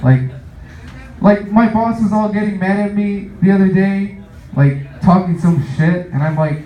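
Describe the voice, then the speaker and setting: A young man performs a stand-up comedy set in a high voice, unhurried and fairly even in intonation, rambling with lots of fillers and laughing at his own jokes. The recording comes from an echoey room through a distant, muffled mic.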